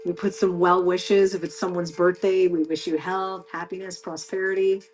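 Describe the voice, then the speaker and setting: A woman's voice: lowish voice, level tone, moderate pace, loud music behind the voice. A woman from Canada, hosting a live stream and chatting casually with viewers in an effusive, encouraging way.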